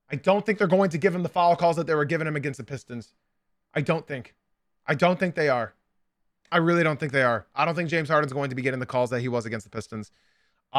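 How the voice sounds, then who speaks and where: A man's voice: a little high, fairly bright tone, no echo, studio quality. A man hosting a casual basketball podcast and livestream, chatty, with frequent ums and asides to his chat. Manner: chatty, filler-heavy, talks straight to chat. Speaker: podcast and stream host. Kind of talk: casual sports talk livestream.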